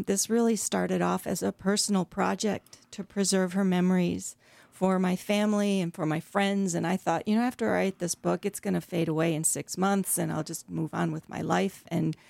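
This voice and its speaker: A woman's voice: medium pitch, creaky, dry recording. A middle-aged woman, an author, talking earnestly as a guest in a radio interview with frequent hesitations. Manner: warm, earnest storytelling with hesitations.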